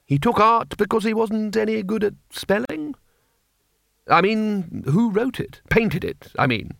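A man's voice: high voice, animated, a little slow, vocal fry, a bit bright, dry recording, studio quality, pitched above the performer's own voice, exaggerated voice. A man voicing a blunt, blustering older wizard who stammers and halts. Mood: musing. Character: bluff, blustering older male wizard chancellor.

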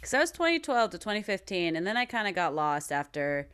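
A woman in her twenties co-hosting a podcast in casual chat, giggly and quick to mimic voices. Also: fairly low pitch, very animated, fairly bright tone, smooth. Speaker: podcast co-host.

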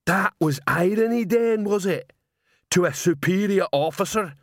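A man voicing a slow-witted, hulking male troll watchman who talks in a slow, plodding way. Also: high voice, expressive, no echo, studio quality, voice pushed up.

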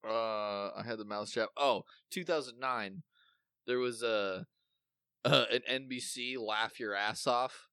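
Bright-voiced man rambling in casual chat. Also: mid-range voice, slow pace, clean tone, no room sound, clean studio sound. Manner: rambling, swears often, trails off mid-thought. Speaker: podcast co-host.

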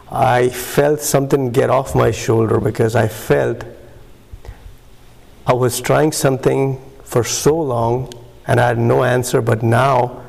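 At a recovery meeting, a man shares his personal testimony in a gravelly, darkish voice of medium pitch. He often stops to search for words, and his halting speech is full of fillers and pauses.

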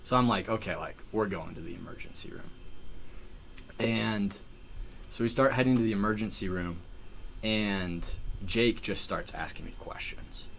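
A man's voice: lowish voice, moderate pace, gravelly, a little hiss or hum. A man telling a story in casual chat, full of "like"s and restarts. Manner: animated, filler-heavy storytelling with many "like"s. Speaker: podcast guest telling a story.

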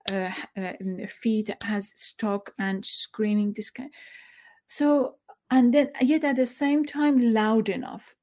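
A middle-aged woman tells a personal story. She speaks haltingly and emotionally, stopping to search for words and using many fillers, and sounds close to tears. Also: mid-range voice, warm tone. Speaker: former journalist.

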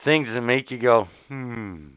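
A man's voice: fairly high pitch, lively intonation, measured pace, clear, resonant tone. A man co-hosting a podcast, boisterous and profane, laughing often and ranting in casual banter. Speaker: podcast co-host. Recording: tinny lo-fi recording.

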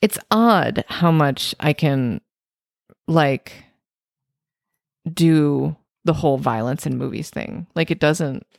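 A podcast co-host chatting casually, animated and quick to laugh. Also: mid-range voice, gravelly, no echo, clean studio sound. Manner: animated, laughs often, agreeable. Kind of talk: casual chat.

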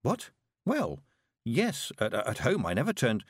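A man's voice: high voice, very animated, moderate pace, no echo, studio quality, pitched above the performer's own voice. A man voicing a timid, earnest young girl who is an apprentice witch, mumbling at times. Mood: unsure.

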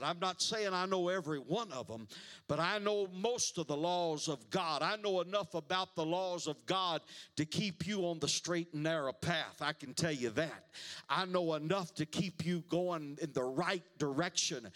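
Pastor, male, high bright voice, slow emphatic sermon delivery. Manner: emphatic preaching, repeats words and calls for responses.

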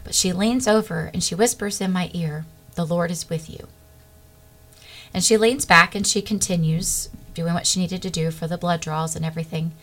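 A middle-aged woman, a guest, telling a personal faith testimony in an earnest, animated way. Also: on the low side, brisk, few pauses.

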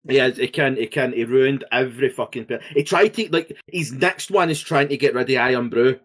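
Scottish man, podcast co-host, casual chat, rambling and sweary, mid-pitched voice. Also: normal speed. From Scotland. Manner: animated, swears freely, rambling.

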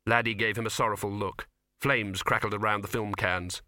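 A man narrating an audiobook in a steady, measured way. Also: fairly low pitch, dry recording, studio quality. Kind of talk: scripted narration.

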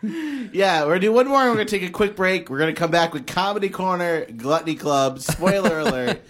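A man's voice: high voice, animated, brisk, background noise. A man hosting a comedy radio show, upbeat and encouraging as he moves the show along.

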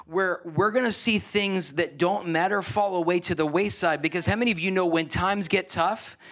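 Brief: male pastor, high voice, emphatic sermon delivery into a stage mic, church setting. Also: normal speed, a bit bright. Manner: earnest, emphatic preaching with frequent restarts. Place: church, speaking to a congregation. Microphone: handheld or stage microphone.

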